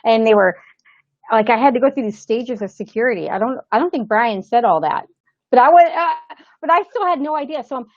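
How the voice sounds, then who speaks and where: Woman actor, interview guest. Casual, animated storyteller who acts out the voices. Mid pitch, dry, slightly lo-fi remote audio. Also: fairly quick, dry recording. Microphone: remote call setup. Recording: slightly dull lo-fi sound.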